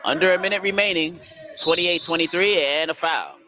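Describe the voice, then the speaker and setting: A man calling basketball play-by-play, brisk and excitable as he follows the action. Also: fairly high pitch, poor audio. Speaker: play-by-play announcer.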